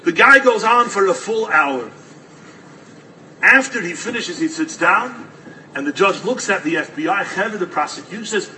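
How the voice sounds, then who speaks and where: A man with preaches through a story, his voice high and bright. He builds from animated telling to fervent exhortation. He sits a little far from the mic, with a faint noise under him. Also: moderate pace.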